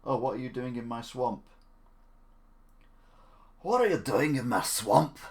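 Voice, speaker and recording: A man doing a slow, grumpy ogre. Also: mid-range voice, expressive. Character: grumpy male ogre from a cartoon film.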